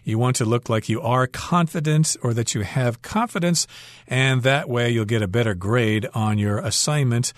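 A man's voice: mid-range voice, normal speed, dry recording, clean studio sound. A man teaching English on a radio lesson, explaining words and lines of dialogue with patient everyday examples.

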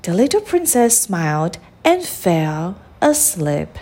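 A woman hosting a podcast, reading a children's picture book aloud in a slow, expressive way. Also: lowish voice. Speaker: podcast host and storybook reader.

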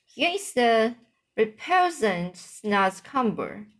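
Woman reader voicing a slow, earnest old giant, storybook read-aloud. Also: a little high, sing-song, exaggerated voice. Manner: halting read-aloud, stumbles over words. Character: huge old kindly male giant, muddled speech.

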